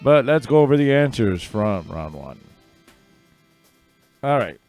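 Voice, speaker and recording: A man's voice: medium pitch, big pitch swings, a little slow, darkish tone, soft background music. A man casually hosting a livestream trivia game, reading answers and making rambling offhand asides. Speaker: trivia host.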